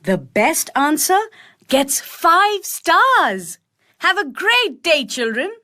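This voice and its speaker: A woman voicing a patient, cheerful female schoolteacher in a children's cartoon, explaining things slowly and gently. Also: sits high, sing-song, full character voice.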